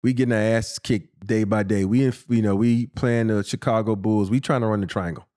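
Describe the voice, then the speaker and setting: A man in his fifties, a former pro athlete, tells stories in a casual interview with lively, profane energy. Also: lowish voice, brisk. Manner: animated, profane storytelling, acting out quotes with laughter. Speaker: interview guest, former pro basketball player. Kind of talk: casual storytelling in a podcast sit-down.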